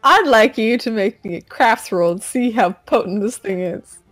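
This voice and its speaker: A woman running a tabletop pirate game, narrating casually with halting pauses. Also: on the high side, fairly bright tone, dry recording, faint music behind. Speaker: game master.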